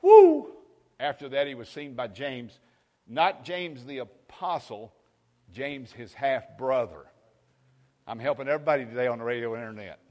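A male preacher, rousing his congregation with call-and-response amens. He drops to a hushed murmur, then surges back loud. His voice sits at an ordinary male pitch and rings through a long hall reverb. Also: moderate pace. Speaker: pastor. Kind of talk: sermon.

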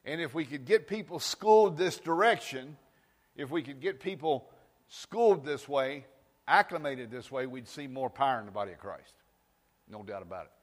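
A man preaching a sermon, firing rhetorical questions and rising to shouts. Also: mid-range voice, normal speed, long reverb tail. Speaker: pastor. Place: church sanctuary.

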